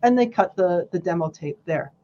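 A woman guest on a casual podcast, telling a story with animated, acted-out quotes. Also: fairly low pitch, moderate pace, lo-fi sound.

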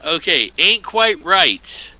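Upbeat bright-voiced man hosting a quiz. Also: high-pitched, wildly swooping pitch, slow pace, creaky, no echo, rough recording. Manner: jokey, reads out questions and answers, laughs often. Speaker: podcast host running a trivia quiz. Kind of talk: casual podcast chat.

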